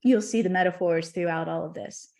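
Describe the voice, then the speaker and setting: A woman's voice: lowish voice, a little fast, gravelly, darkish tone. A middle-aged woman, a podcast guest, telling a heartfelt spiritual story in conversation.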